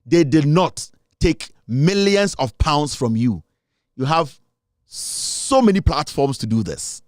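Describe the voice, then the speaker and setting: A man's voice: a little high, big pitch swings, takes it slowly, no room sound, clean studio sound. A man from Ghana with a Ghanaian English accent, delivering a mocking, taunting political rant as a commentator and laughing often. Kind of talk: ranting online commentary.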